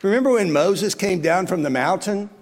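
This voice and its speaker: A man's voice: sits high, lively intonation, normal speed, in a large hall. A male pastor preaching a sermon, earnest and full of rhetorical questions to his listeners.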